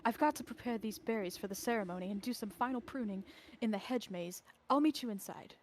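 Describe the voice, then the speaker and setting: A woman voicing a gentle, gentlemanly male buck in a game, with a polite, formal manner. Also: on the high side, quick pace, a little hiss or hum, natural voice. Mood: stern.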